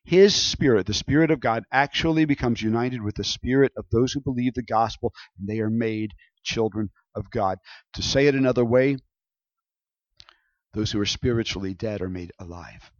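A man's voice: medium pitch, normal speed, no echo, lo-fi sound. A man preaching a sermon in a conversational way, often checking in with his listeners. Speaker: pastor.

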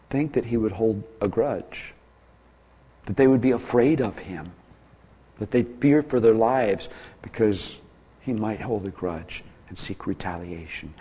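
Mellow-voiced male pastor preaching. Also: fairly low pitch, slightly rough. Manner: dynamic delivery, swinging from soft to emphatic. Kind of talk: sermon.

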